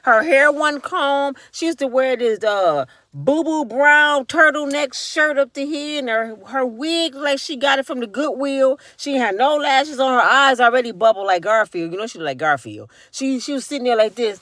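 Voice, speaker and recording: A woman giving casual commentary, animated and acting out the voices of the people she talks about. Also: high voice, normal speed, hardly any pauses, no echo. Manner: animated, acts out voices of others mid-story. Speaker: vlogger.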